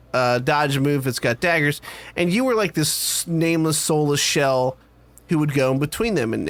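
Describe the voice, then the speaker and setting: A man's voice: a little high, fairly bright tone, no echo. Joking man on a dry mic. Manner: joking, rambling, with frequent fillers. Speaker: podcast co-host. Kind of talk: casual chat.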